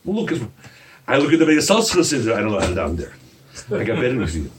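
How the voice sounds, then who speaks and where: A man preaching a sermon as a rabbi, animated and firing rhetorical questions at his listeners. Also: mid-range voice, fast, far from the mic, a little hiss or hum.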